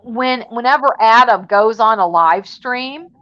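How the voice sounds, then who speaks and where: A woman's voice: fairly high pitch, unhurried, bright, forceful tone, dry recording, muffled recording. A woman hosting a livestream panel in a casual, gossipy chat, throwing shade and laughing often.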